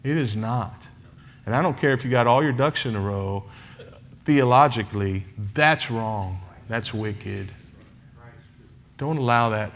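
A male pastor preaching a sermon in a church. He is emphatic, with dramatic pauses and heavy repetition. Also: mid-range voice, a bit bright. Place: church sanctuary.

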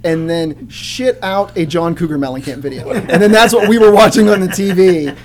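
A man telling funny stories in casual chat as a comedian guest, often jumping into loud character voices. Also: high-pitched, normal speed.

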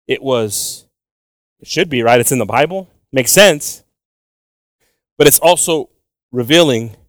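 A young man teaching from the Bible with animated emphasis, switching between English and Spanish and repeating words as he goes. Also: mid-range voice, dry recording. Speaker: preacher.

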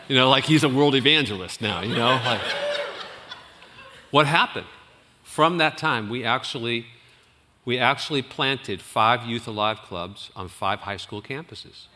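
A man who is a youth pastor, telling a story in a sermon, animated and rambling, with restarts and laughs. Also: medium pitch, moderate pace, big-room sound.

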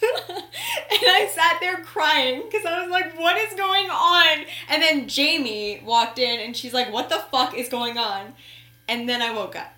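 A young woman co-hosting a podcast, telling a story in an animated, giggly way and swearing freely. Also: high-pitched, a little slow. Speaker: podcast co-host. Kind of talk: casual chat. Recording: echoey room.

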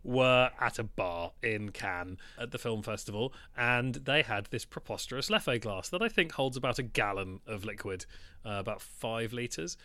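A man co-hosting a podcast, telling a story in a casual, animated way, swearing and laughing as he goes. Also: fairly low pitch, clean tone, no room sound. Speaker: podcast co-host.

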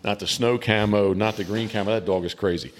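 A man's voice: on the low side, steady tone, brisk. A man hosting a podcast in loose, rambling casual chat, often restarting his sentences. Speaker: podcast host and hunting guide.

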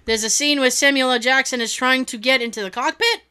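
A woman's voice: sits high, fairly quick, pushed and bright, smooth. A woman chatting casually and reading out funny stories, giggling and acting out quotes in silly voices.

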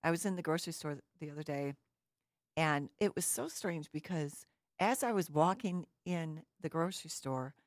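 Low-voiced woman telling a personal story. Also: moderate pace, no room sound, studio quality. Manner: earnest storytelling with rhetorical questions. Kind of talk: reflective personal talk.

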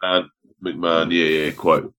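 A man's voice: low-pitched, little pitch movement, unhurried, a bit bright, clean tone. A man in casual chat who asks curious questions and jumps in with his own food memories.

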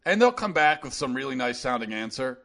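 Male commentary host, rambling and casual, ordinary pitch. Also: very animated, fairly quick, a bit bright. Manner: rambling, conversational, many restarts. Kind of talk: solo opinion commentary.

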